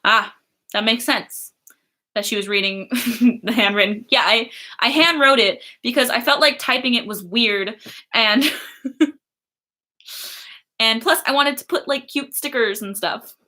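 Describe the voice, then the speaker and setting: Brief: young woman, livestream host, bright and slightly high voice, giggly and chatty. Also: unhurried, pauses often. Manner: giggly, chatty, many fillers. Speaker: livestream host reading chat. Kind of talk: casual livestream chat.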